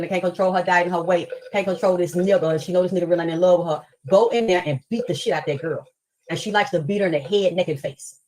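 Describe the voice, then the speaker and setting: A woman with a lowish voice ranting on a live stream. She tells her story in rapid, angry, profane bursts, and her tone stays heated and accusing throughout. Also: a little mellow, rough recording.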